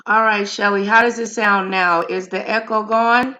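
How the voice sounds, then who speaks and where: A woman's voice: medium pitch, fairly even intonation, moderate pace, sharp tone. A woman hosting a casual livestream, chatting straight to her viewers. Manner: chatty, addresses viewers directly. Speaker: livestream host. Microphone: streaming setup.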